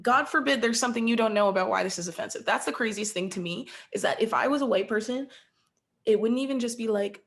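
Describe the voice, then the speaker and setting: A woman's voice: on the high side, fast. A young adult woman hosting a casual podcast conversation, candid and incredulous, speaking with many fillers. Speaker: podcast host.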